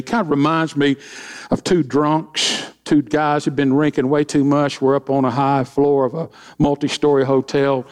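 A man's voice: on the high side, level tone, normal speed. Joking, folksy male pastor. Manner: folksy, joking asides, acts out quoted voices. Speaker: senior pastor. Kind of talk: sermon with humorous stories.

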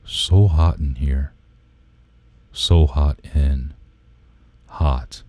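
Guy doing a slow sultry croon, super deep, dry close mic. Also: warm tone, no room sound, heavily acted. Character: sultry crooning man, ASMR parody.

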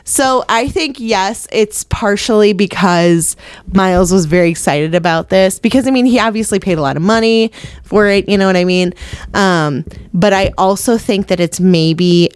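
A woman's voice: medium pitch, moderate pace, clear, resonant tone, dry recording. A woman chatting casually about a movie, laughing often and slipping into playful impressions. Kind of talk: casual chat about a film.

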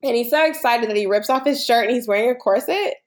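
A woman's voice: a little high, fast talker. A woman co-hosting a podcast, casually recapping a film, rambling with a lot of "like" and frequent laughter. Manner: rambling, laughs often, heavy use of "like". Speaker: podcast co-host.

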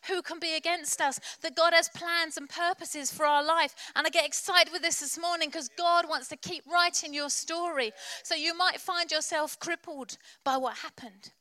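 A woman's voice: very high voice, fairly even intonation, moderate pace, few pauses, pushed and bright, no room sound. Passionate woman preaching. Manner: passionate, exhortative, with playful asides. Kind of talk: sermon. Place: church.

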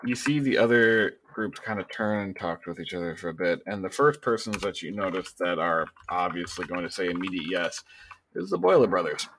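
Male game master, low voice, relaxed narration. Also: fairly quick, a little hiss or hum.

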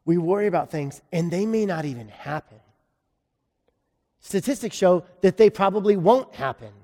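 Brief: male pastor, higher-pitched voice, chatty joking sermon delivery, hall reverb. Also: animated, normal speed, darkish tone. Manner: self-deprecating humor, conversational preaching.

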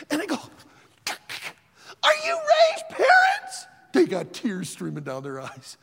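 A man preaching to college students, telling a story in a loud, animated way. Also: on the high side, vocal fry, slightly rough, big-room sound. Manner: animated storyteller, shouts quoted lines. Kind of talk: sermon with a story.

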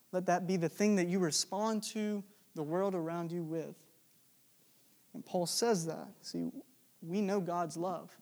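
High-voiced young man preaching casually. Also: a little mellow. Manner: conversational, jokey, with many fillers. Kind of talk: casual storytelling sermon.

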